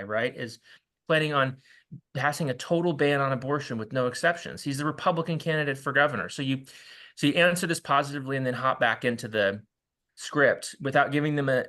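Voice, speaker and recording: An American man giving a volunteer training talk, halting with many restarts and acting out doorstep exchanges. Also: mid-range voice, pushed and bright. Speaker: canvassing trainer.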